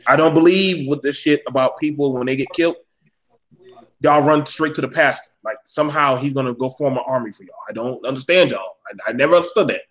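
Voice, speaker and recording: A man's voice: mid-range voice, a little fast, fairly bright tone, rough recording. A man in a casual panel discussion, speaking bluntly and heatedly, with plenty of swearing.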